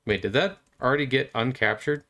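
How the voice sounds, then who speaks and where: A man's voice: medium pitch, brisk, bright, forceful tone. A man gives rambling gameplay commentary while playing, talking in a playful, meandering way with stammers and lots of fillers. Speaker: gamer.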